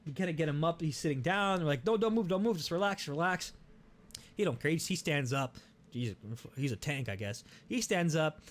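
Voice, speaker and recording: Animated, swearing young man telling a story. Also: a little high, normal speed. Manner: animated, profane, many restarts. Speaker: podcast host. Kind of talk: casual storytelling.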